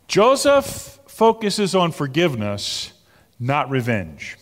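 Slow, animated pastor in a reverberant hall. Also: male voice, medium pitch. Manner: slow, emphatic, rising to animated exclamations. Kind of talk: sermon. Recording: long reverb of a large hall.

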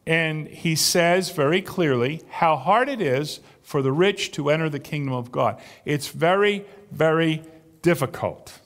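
High-voiced male pastor preaching in a hall. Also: animated, unhurried. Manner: dramatic preaching, swinging from hushed to loud. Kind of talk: sermon. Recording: long reverb of a large hall.

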